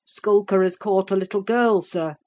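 A woman reading aloud and voicing a rough male servant who speaks bluntly and accusingly. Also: medium pitch, moderate pace, warm tone, close to an everyday voice. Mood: suspicious.

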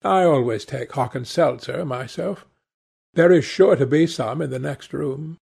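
A man reading aloud, voicing a petulant, languid young gentleman in an airy, careless tone. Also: mid-range voice, unhurried, gravelly, slightly rough, heavily acted.

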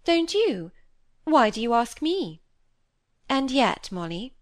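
A woman voicing a lively, flippant young woman who talks in a breezy, dismissive way. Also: fairly high pitch, slow, dry recording, clean studio sound, voice pushed up. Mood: restless.

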